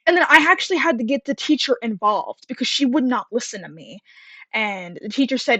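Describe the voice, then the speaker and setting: A woman's voice: on the high side, expressive, brisk, sharp tone, breathy edge, dry recording. Chatty young woman, dull dry recording. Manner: chatty, rambling, many fillers and laughs. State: out of breath. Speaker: storyteller. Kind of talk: casual story time.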